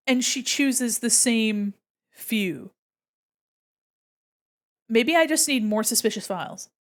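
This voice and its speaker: A young woman with a slightly high voice chats loosely to her stream chat while she draws, giggling often and answering viewer messages as they come in. Her talk is relaxed and a little scattered, and a desk mic picks her up. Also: takes it slowly, long pauses. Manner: chatty, giggly, reads chat aloud while drawing. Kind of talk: casual art livestream chat.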